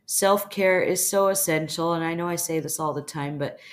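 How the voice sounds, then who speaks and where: A woman hosting an advice show, speaking bluntly and calmly, with casual swearing, as she answers a listener's question. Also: low-pitched, normal speed. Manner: calm, steady, instructive. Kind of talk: advice monologue.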